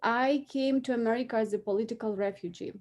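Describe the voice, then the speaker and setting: A woman's voice: on the high side, quick pace, darkish tone. A woman in her forties with a Belarusian accent, English not her first language, giving earnest, emotional testimony at a public hearing over a remote call. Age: 40s.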